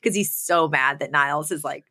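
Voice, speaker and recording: A young woman recapping a sitcom episode with a friend in a loose, chatty way. Her voice is bright and clear, and she talks in an animated way, full of "like" and "you know". It sounds like friendly podcast talk. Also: low voice, normal speed.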